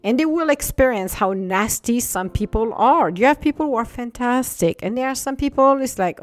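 A woman talking casually and emphatically, slowing down to stress her words. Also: on the high side, expressive, a little mellow, dry recording, clean studio sound. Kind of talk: casual talk.

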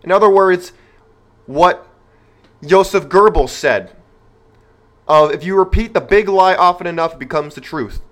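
A podcast host with a high voice speaks unhurriedly, leaving long pauses. He addresses listeners directly in an opinionated, emphatic, rhetorical monologue.

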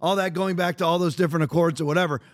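A man with a fairly high voice hosts his own podcast, talking through the news in a blunt, emphatic way. He rambles and restarts his sentences as he argues his point. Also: fairly even intonation, rapid-fire. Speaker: podcast host. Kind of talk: opinionated political commentary.

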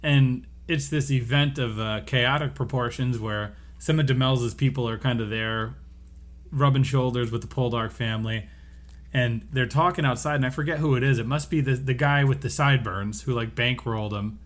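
A man co-hosting a relaxed podcast, walking through an episode scene by scene. He drops into the characters' lines as he goes, keeping the chat loose and lively. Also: mid-range voice. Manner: animated, acts out characters' lines in quick asides. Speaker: podcast co-host. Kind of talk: casual chat recapping a TV episode.

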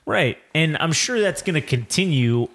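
A man's voice: fairly high pitch, expressive, normal speed, fairly bright tone. A man co-hosting a podcast, chatting casually in an emphatic, profane, riffing way. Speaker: podcast co-host. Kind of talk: casual chat.

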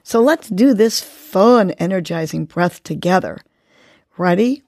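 Slow, gentle woman guiding breathing. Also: fairly low pitch, dry recording. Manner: gentle, encouraging, slow and deliberate. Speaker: podcast host. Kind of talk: guided breathing and motivational talk.

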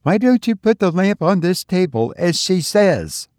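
Male reader raising his pitch for a fierce, anxious sister; husky, dry. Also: a little slow, a little mellow, no echo, lightly acted. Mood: tense. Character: anxious adult woman, fierce.

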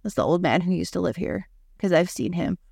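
A woman's voice: fairly low pitch, expressive, fairly quick, vocal fry, darkish tone, husky, no room sound, studio quality. A woman hosting a podcast, telling a personal story in a casual, chatty way, full of "like". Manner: chatty, heavy use of "like". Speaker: podcast host.

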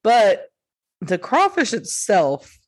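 A woman's voice: medium pitch, huge pitch swings, takes it slowly, slightly rough. A woman, co-hosting a podcast, telling a story in a rambling way full of fillers. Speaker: podcast co-host. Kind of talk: casual chat.

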